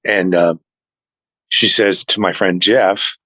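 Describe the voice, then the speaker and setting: A man telling a personal story to an interviewer in a casual chat, earnest and animated, acting out what others said. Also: low-pitched, takes it slowly, dry recording, rough recording. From family heritage is Norwegian. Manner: earnest, animated retelling that acts out other people's lines. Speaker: interview guest.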